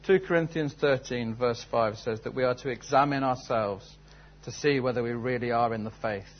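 A man's voice: mid-range voice, normal speed, lo-fi sound. A man preaching a sermon, telling a story and then asking earnest, searching questions. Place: church service.

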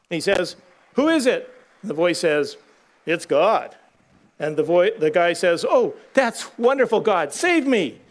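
Middle-aged pastor with a high voice, chatty storyteller in the pulpit, throws out rhetorical questions. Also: male voice. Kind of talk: sermon.

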